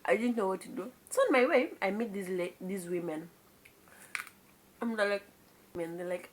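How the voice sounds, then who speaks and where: A young woman with a Kenyan accent recounts a childhood tale in a relaxed storytime vlog. She talks to her viewers in a confiding, chatty way at an ordinary pitch, sprinkling in Swahili words and exclamations, with a faint hiss behind her. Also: moderate pace, pauses often. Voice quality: mixes in Swahili words and exclaims "kai" often. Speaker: vlogger. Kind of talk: casual storytime monologue.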